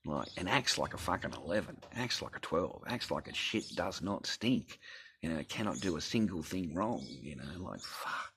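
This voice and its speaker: Gravelly, sweary man ranting. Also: very deep voice, fairly bright tone. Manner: blunt and sweary, heavy profanity. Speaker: vlogger. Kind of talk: casual rant to camera.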